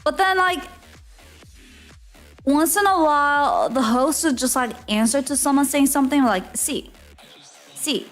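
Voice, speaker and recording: A woman's voice: sits high, normal speed, pauses often, a bit bright, faint music behind. A woman streamer telling a travel story in casual live-stream chat, laughing often and filling her talk with "like". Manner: chatty, laughs often, lots of "like" fillers.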